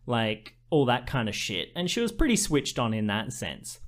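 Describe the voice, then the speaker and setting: Male podcast co-host, mid-pitched, casual storyteller, animated, swears a lot. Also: normal speed. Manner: animated, swears freely, mimics others in stories.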